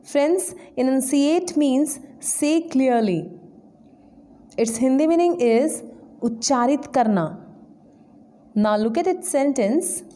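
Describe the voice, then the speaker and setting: Slow, mellow woman teaching vocabulary. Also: sits high. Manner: slow, deliberate word-by-word explanation. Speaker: English trainer. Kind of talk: vocabulary lesson.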